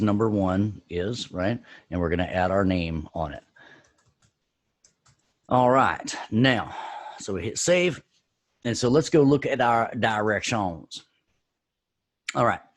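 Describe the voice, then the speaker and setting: A man with a fairly low, husky voice leads a hands-on software class. He sounds upbeat and playful, tossing in jokes and sound effects. He keeps checking in with the students as he goes. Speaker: audio production teacher.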